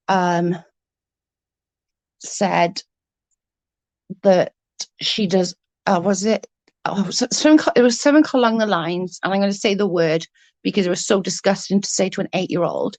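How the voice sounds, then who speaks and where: A woman's voice: mid-range voice, moderate pace, long pauses, darkish tone, no room sound. A woman in her thirties telling a story on her vlog in a casual, heated way, swearing freely and acting out what was said. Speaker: vlogger.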